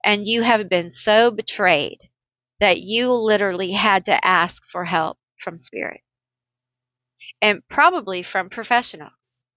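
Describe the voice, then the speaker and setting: A woman with a bright, forceful voice giving a tarot reading in an unhurried way. She talks to her viewers in a chatty, emotional manner, thinking aloud as she pulls cards. The sound is dry and slightly dull. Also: medium pitch, no echo. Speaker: tarot reader.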